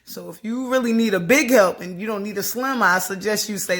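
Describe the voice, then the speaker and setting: A woman's voice: medium pitch, a little fast, a bit bright. A young woman vlogging to camera, talking earnestly and encouragingly about faith and grief, with frequent laughs. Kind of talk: casual heartfelt talk to camera.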